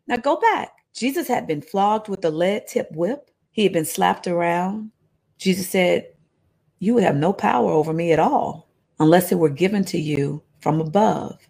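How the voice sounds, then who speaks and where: Woman, preacher, sermon, scripture reading, animated asides, low voice, gravelly.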